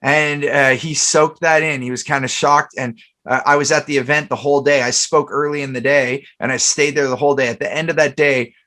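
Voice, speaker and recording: A man's voice: mid-range voice, steady tone, a little fast, few pauses, pushed and bright. A man hosting a casual podcast chat, telling stories in a rambling way with many fillers and restarts. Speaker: podcast host.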